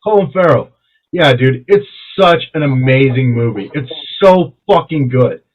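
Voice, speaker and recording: A young man in casual podcast chat, excitable and profane, retelling movie scenes with quoted voices. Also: medium pitch, unhurried. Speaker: podcast co-host. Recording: dull lo-fi sound with faint noise.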